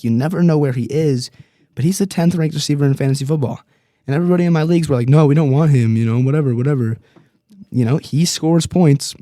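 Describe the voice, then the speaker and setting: A young man hosting a casual podcast, rambling and animated, joking at his own expense. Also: on the high side, no room sound, studio quality. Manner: rambling, animated, self-deprecating. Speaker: podcast host. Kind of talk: casual fantasy football chat.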